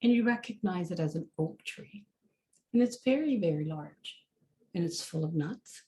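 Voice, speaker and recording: A woman leads a meditation in a warm, mellow voice that sits on the higher side. Her delivery is loose and chatty, full of filler words as she goes along.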